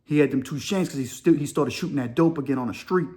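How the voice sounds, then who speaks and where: A man's voice: on the high side, fast, darkish tone. A man hosting a crime and prison storytelling channel, talking casually in street slang and pressing his points with pointed rhetorical questions.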